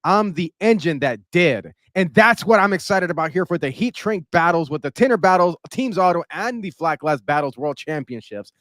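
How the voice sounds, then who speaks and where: A man hosts a podcast interview, talking with hype-driven energy. His voice sits a touch high. The sound is dry and close. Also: animated, a little fast, hardly any pauses, fairly bright tone, dry recording. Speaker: podcast host.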